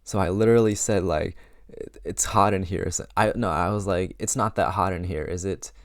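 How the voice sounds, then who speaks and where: A man's voice: low voice, normal speed, dry recording, studio quality. A young man around eighteen giving casual social advice to camera, chatty and full of fillers, acting out sample lines.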